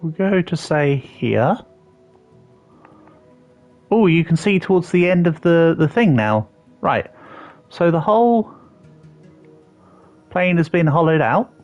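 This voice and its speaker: Animated yet slow, with long pauses, a young man with a slightly high voice streams himself playing a building game. He casually chats and pokes fun at himself when responding to viewers. Faint music sits behind slightly dull audio.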